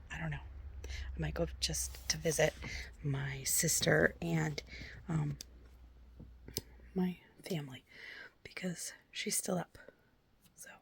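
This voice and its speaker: Soft-spoken, gravelly woman vlogger. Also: low voice. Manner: soft-spoken, often half-whispering, chatty. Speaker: book vlogger. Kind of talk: casual vlog chat.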